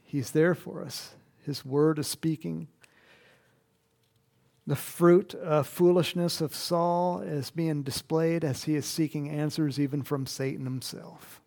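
A man's voice: on the high side, steady tone, takes it slowly, gravelly, a little mellow. A male preacher delivering a sermon and reading scripture, talking animatedly with frequent chuckles and rhetorical questions.

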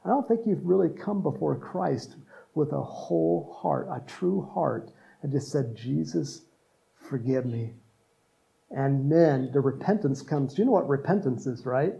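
Gravelly-voiced male pastor preaching. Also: on the high side, warm tone, low-quality recording. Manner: conversational, joking, with asides. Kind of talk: sermon.

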